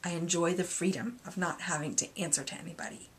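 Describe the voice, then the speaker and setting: A woman in her thirties, a single mom, talking candidly in a confessional vlog, rambling and hesitant, with many pauses and fillers. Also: fairly low pitch, fairly even intonation, a little hiss or hum. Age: 30s. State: emotional, near tears at moments. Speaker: vlogger.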